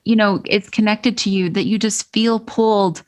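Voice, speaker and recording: A woman's voice: medium pitch, fairly even intonation, moderate pace. A woman with a mid-range voice talks through ideas on a podcast. She explains her points thoughtfully and stresses key words. Her tone stays conversational. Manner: thoughtful, explains ideas with frequent restarts and emphasis. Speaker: podcast co-host.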